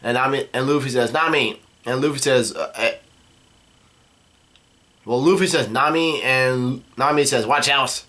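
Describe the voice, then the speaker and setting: A man casually recapping a comic chapter, halting with many fillers and restarts. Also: medium pitch, fairly bright tone.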